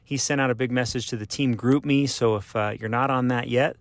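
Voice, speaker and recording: A man's voice: medium pitch, steady tone, a little fast, no room sound. A man hosting a casual cycling podcast, upbeat and rambling with frequent fillers. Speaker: podcast host.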